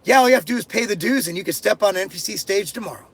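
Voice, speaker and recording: Middle-aged dude doing a live q&a, fairly high voice, crude jokes, cusses a lot, blunt answers. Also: male voice, animated, racing, breathy edge. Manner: blunt, crude and joking, swears freely. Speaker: host answering viewer questions. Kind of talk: casual live-stream Q&A. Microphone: headphones and desk mic.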